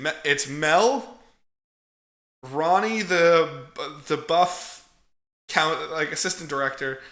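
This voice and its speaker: A man's voice: mid-range voice, bright, forceful tone, roomy sound. A man casually recapping a film as a podcast co-host, swearing freely and laughing as he tells it. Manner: profane, chuckling storyteller.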